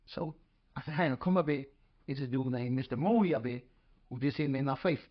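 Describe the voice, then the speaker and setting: A man telling animated anecdotes in casual talk. He acts out the quoted lines and laughs as he goes. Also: medium pitch, fast talker. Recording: slightly dull lo-fi podcast audio.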